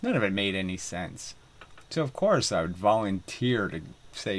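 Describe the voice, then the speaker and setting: A man's voice: on the low side, sing-song, moderate pace. A man vlogging in a rambling, profane monologue full of fillers and laughing asides, recorded by a camera mic outdoors on a windy day by the water.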